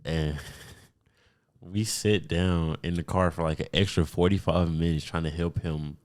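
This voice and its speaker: Young male podcast host from Texas, very low voice, loose and profane casual talk. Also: measured pace. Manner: relaxed, rambling, profane. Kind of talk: casual chat.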